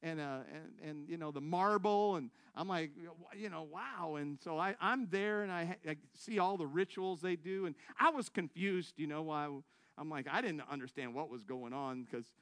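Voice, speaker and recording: High, bright-voiced preacher man, self-mocking. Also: moderate pace, clean tone, no room sound. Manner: animated, self-mocking, laughing through the story; big swings between loud excited bursts and quiet low asides. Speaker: preacher giving a testimony. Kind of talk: storytelling sermon to a congregation.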